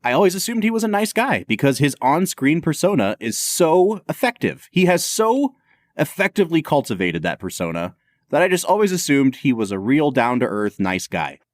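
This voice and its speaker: A man co-hosting a podcast in casual chat, animated and opinionated. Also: on the high side, moderate pace, dry recording, studio quality. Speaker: podcast co-host.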